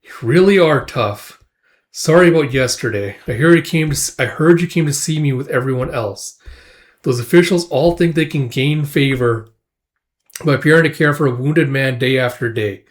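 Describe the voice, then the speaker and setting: A man voicing a composed young commander who speaks in a calm, measured way. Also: mid-range voice, lightly acted.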